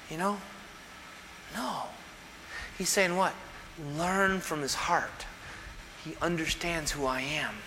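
A male pastor preaching emphatically in a church sanctuary, his voice high for a man and strikingly bright. He acts out the voices he quotes, and a long hall reverb hangs behind every phrase. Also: takes it slowly, pauses often, slight background noise. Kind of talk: sermon.

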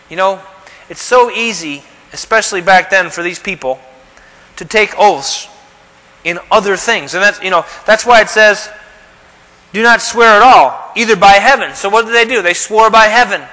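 A man's voice: high-pitched, normal speed, sharp tone, long reverb tail, rough recording. A man preaching a sermon, asking rhetorical questions and acting out the quotes he reads. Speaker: pastor.

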